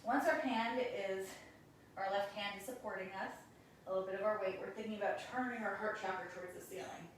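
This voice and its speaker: A woman teaching a guided yoga class, giving calm, encouraging cues while doing the poses and a little out of breath. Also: mid-range voice, brisk, heavy reverb, distant mic, slight background noise, poor audio. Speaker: yoga instructor.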